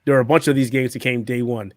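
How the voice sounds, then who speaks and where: Hoarse man with a cold, chatting. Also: medium pitch, fairly even intonation, fast talker, dry recording, studio quality. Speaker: podcast co-host. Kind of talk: casual chat.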